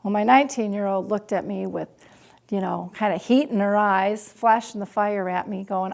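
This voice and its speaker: A middle-aged woman telling a personal story as a caregiver, speaking slowly and deliberately, at times dropping to a hush. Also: mid-range voice, fairly even intonation, vocal fry.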